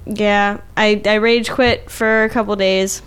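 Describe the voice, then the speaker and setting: Profane ranting woman podcaster, smooth voice. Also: medium pitch, flat delivery, unhurried. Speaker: podcast co-host. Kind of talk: casual chat.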